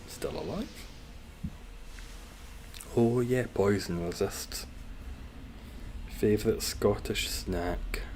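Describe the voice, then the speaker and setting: A man's voice: low voice, takes it slowly, long pauses, a little mellow, a little hiss or hum. A man streaming a game live, chatting casually with viewers, reacting and swearing freely.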